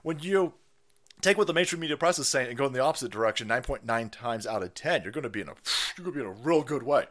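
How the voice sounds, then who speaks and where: A male streamer rants in a casual, profane way, mocking as he goes and laughing often. His pitch is lively and swings widely, jumping up when he slips into silly put-on voices. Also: quick pace. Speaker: political stream host. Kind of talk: casual ranting live stream.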